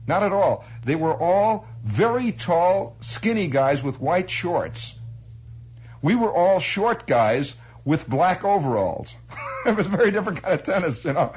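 A man telling an anecdote in a chatty, animated way, laughing through his telling. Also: high voice, a little slow, breathy edge, low-quality recording. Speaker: storyteller. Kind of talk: spoken anecdote.

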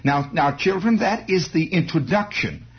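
Prim, fussy schoolmarm in a lo-fi storytelling recording, a man putting her on: slow, sing-song, scolding. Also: on the high side, animated, background noise, close to an everyday voice. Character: prim fussy female schoolteacher, middle-aged, bossy. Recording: dull lo-fi recording.

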